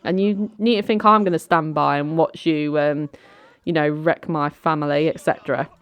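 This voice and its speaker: A woman's voice: low-pitched, steady tone, normal speed, smooth, highs cut off, close to an everyday voice. A woman voicing an angry, jealous middle-aged ex-husband who confronts his former wife's new partner. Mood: indignant. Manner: indignant, confrontational.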